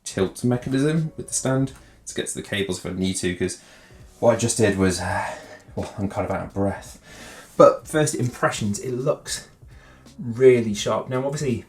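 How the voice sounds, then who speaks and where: A man gives a relaxed, rambling unboxing walkthrough, full of loose asides. His voice sits at an ordinary middle pitch. The room around him is noticeably echoey. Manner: chatty, loose, peppered with "kind of". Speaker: tech reviewer. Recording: roomy echo.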